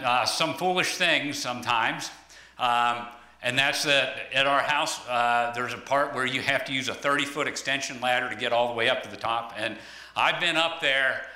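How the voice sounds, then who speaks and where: A man's voice: medium pitch, sharp tone. A man giving a conversational sermon, searching for words with frequent ums and restarts. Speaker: lay preacher. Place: church hall. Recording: echoey room.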